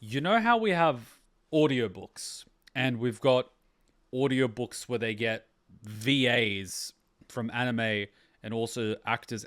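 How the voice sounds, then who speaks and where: A man hosting an anime reaction video, chatting casually, excitable, with loose rambling anecdotes and free swearing. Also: medium pitch.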